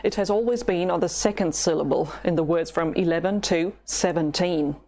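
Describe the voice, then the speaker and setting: A woman from Russia with a Russian accent, teaching pronunciation patiently and slowly, with drills to repeat. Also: lowish voice, darkish tone. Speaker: language teacher. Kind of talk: slow, careful pronunciation lesson.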